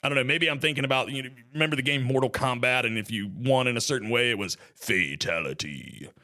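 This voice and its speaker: Male podcast host, bright tone, chatty solo talk with joking asides. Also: mid-range voice, level tone, rapid-fire.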